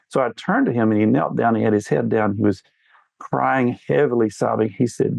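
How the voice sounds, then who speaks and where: A man's voice: medium pitch, animated, moderate pace, gravelly, darkish tone, slightly rough, no echo. A middle-aged man talking earnestly in an interview, telling stories in a fatherly way. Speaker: guest. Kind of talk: candid interview talk.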